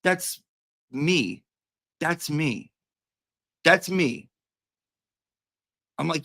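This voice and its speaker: A man's voice: fairly high pitch, sing-song, very slow, vocal fry, long pauses, fairly bright tone. Rambling, playful man chatting casually. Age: adult with a daughter. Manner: rambling and playful, calls a cat in a sing-song voice. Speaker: host. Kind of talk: casual livestream chat.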